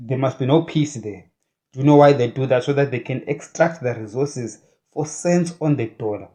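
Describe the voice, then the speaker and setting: A man giving opinionated commentary in a halting delivery full of filler sounds, turning indignant with rhetorical questions. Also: medium pitch, mellow. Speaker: political commentator.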